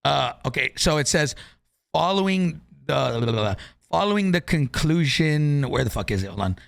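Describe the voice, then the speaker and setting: A man with a gravelly, creaky voice hosting a laid-back gaming podcast. He reads tournament rules aloud and swears freely as he talks. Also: on the high side, animated, unhurried. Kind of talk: casual gaming podcast chat.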